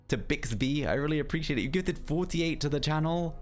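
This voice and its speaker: A man's voice: on the high side, normal speed, faint music behind. A man streaming a game live, reading notes and letters aloud and breaking off to chat with his viewers. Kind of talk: live gameplay commentary.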